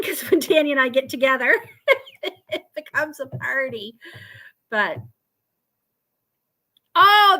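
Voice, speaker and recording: Woman host, casual live-stream chat, high and bright, laughs often. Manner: chatty, laughs often, filler-heavy. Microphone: video call.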